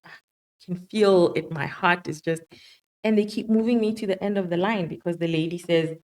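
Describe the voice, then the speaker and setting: South African woman doctor with a lowish voice, interview guest, tells her testimony lively and acts out the quoted voices. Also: normal speed. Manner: animated storyteller acting out quoted dialogue. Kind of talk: personal faith testimony told as a story.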